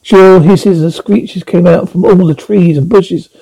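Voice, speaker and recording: A man's voice: sits high, steady tone, gravelly, dark tone, breathy edge, rough recording. A man reading a storybook aloud, stumbling often and correcting himself as he narrates. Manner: halting with frequent slips and restarts. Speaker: audiobook reader.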